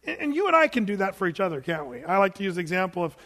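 A man preaching a sermon in a church, telling stories with animated delivery and laughing with the congregation. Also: high-pitched, rapid-fire, in a large hall. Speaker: pastor. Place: church sanctuary.

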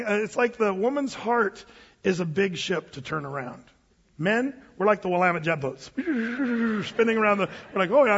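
A middle-aged male pastor with a husky voice, preaching in a conversational, joking way and often repeating his words. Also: high voice. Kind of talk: sermon. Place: church sanctuary. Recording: dull hall reverb.

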